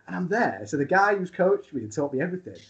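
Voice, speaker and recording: A man, a wrestler guest, telling a long funny story in a casual, animated way with laughs. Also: sits high, fast, slight background noise.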